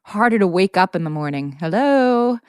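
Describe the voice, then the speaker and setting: A woman co-hosting a podcast in casual chat, brisk and wry as she runs through questions, recorded on a close mic in a quiet studio. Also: medium pitch, animated, smooth, no echo. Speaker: podcast co-host.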